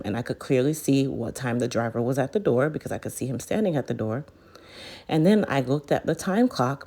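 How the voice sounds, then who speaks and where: A woman's voice: rumbling low, dark tone. A woman in her thirties, a hair care business owner, chatting straight to her viewers in a casual storytime vlog. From United States. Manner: chatty, addresses viewers directly.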